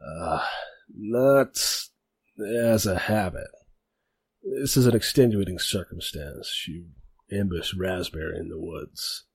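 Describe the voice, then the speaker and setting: A gruff, grizzled bugbear leader speaks in a low, husky voice, voiced by a man running a tabletop game. The sound is dry and close. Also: slow pace, no echo, exaggerated voice.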